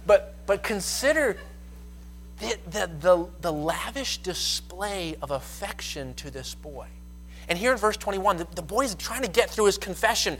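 Bright-voiced male preacher telling stories. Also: high voice, expressive, normal speed, slight background noise, rough recording. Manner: storytelling, acts out quotes with rising intensity. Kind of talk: sermon.

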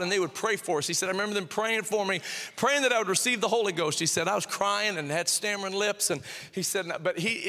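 A middle-aged man preaching as senior pastor, telling a story and acting out both sides of a conversation. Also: sits high. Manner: animated, repeats phrases, acts out both sides of a dialogue. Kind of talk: sermon with storytelling. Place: church sanctuary. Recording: long reverb of a church hall. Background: long hall reverb.

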